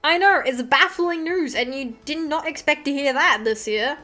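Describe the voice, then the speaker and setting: A woman's voice: high-pitched, moderate pace, bright, forceful tone, faint music behind. Chatty Australian woman streamer, swearing. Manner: chatty, swears freely, mutters to herself. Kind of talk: casual live-stream chat while drawing.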